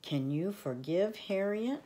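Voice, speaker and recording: An older woman voicing a gentle, calm turtle father who reasons kindly. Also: medium pitch, takes it slowly, voice pushed up.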